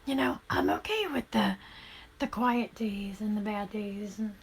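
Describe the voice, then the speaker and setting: A woman streaming as she paints shoes, chatting casually and thanking viewers in a soft, often half-whispered voice. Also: mid-range voice, measured pace, slight background noise. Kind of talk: casual live-stream chat while painting.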